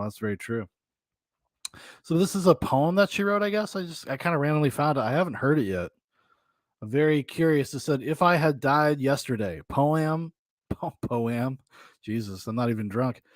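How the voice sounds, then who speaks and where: A man hosts a podcast in loose, rambling chat and laughs often. His voice sits a bit high. The sound is close and dry. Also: no echo. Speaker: podcast host. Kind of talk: casual chat.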